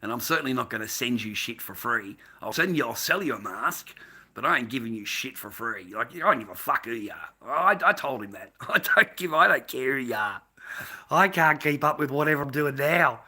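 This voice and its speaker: Aussie bloke ranting on a live stream from home, sweary, laughs a lot, bright edgy voice. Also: male voice, medium pitch, animated, fairly quick, breathy edge. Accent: Australian. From Australia. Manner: profane, rambling, laughs often. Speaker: mask maker and live streamer. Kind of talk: casual live-stream rant.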